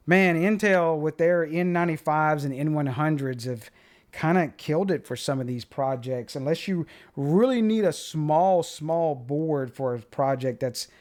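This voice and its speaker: A man hosting a tech channel, chatting offhand through an unboxing and thinking aloud as he goes. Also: a little high. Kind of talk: casual unboxing chat.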